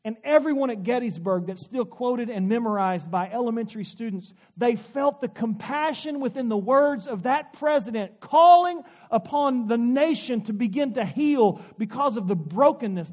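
Male pastor, 40s, high voice, folksy storytelling sermon, leans on drawn-out words for emphasis. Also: animated, darkish tone.

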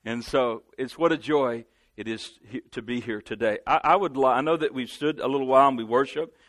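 A man's voice: medium pitch, brisk, a bit bright, no echo. A man with a Southern US accent preaching as a guest pastor, earnest, calling out for amens and often restarting his sentences. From Southern United States. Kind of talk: sermon. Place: church sanctuary.

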